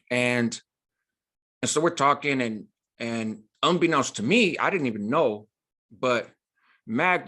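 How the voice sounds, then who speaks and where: A man's voice: medium pitch, a bit bright. A man telling a prison story in an emphatic, casual way, using street slang and frequent "right?" asides.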